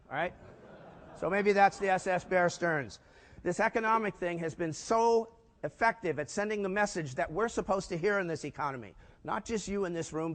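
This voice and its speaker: Punchy older man speaking in a hall. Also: sits high. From United States. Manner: punchy, asks the audience rhetorical questions. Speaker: keynote speaker. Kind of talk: business conference talk. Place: large conference hall. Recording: echoey hall.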